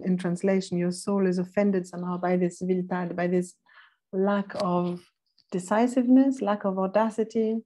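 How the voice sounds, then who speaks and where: A woman with a mellow, darker tone leads a philosophy seminar. She lectures thoughtfully, stopping now and then to hunt for a verse, and slows down to read passages with care. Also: lowish voice. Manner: thoughtful, pauses to look up verse numbers; reads quoted passages slowly and deliberately. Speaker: seminar instructor.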